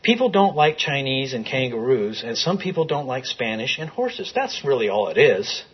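A man reading out a gentle father's joking words to his young son, in a playful storytelling manner. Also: mid-range voice, big pitch swings, moderate pace, breathy edge, muffled recording.

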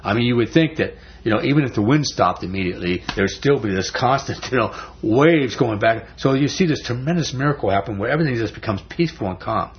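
A man's voice: medium pitch, animated, fast, hardly any pauses, a little hiss or hum. A man teaching a Bible study in a conversational, folksy way, often restarting words. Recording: dull lo-fi recording.

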